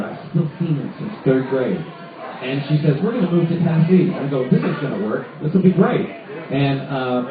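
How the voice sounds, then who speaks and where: A man telling a stand-up story in an animated way, jumping into loud character voices. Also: mid-range voice, recorded from a distance. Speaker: stand-up comedian. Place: comedy night in a sports pub. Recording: roomy bar recorded from afar on lo-fi audio. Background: audience laughter.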